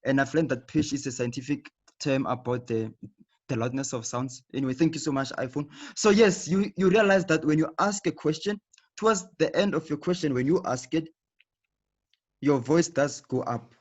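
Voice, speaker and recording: On a video call, a male teacher gives an English lesson in a slightly high voice, explaining slowly and with patience. He keeps returning to earlier points and tagging them with "okay", and the audio is muffled and lo-fi.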